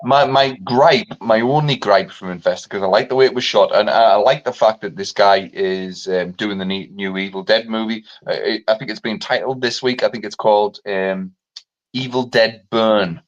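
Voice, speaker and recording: A man co-hosting a casual chat, talking in an animated, sweary, mocking way. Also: on the low side, normal speed. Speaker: podcast co-host. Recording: dull lo-fi sound.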